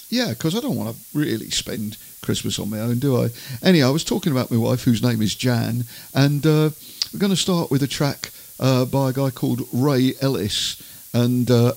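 Middle-aged guy with a gravelly voice rambling on his music show, lots of uhs, easygoing chat. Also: medium pitch, darkish tone. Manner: rambling, many "uh" fillers and asides. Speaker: radio music show host. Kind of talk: casual chatty storytelling.

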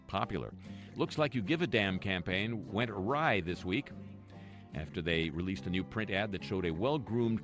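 Host, male, very low voice, sardonic news commentary with dry asides, music underneath. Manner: dry, sarcastic asides between read-out news items. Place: home near a lake, voice-over.

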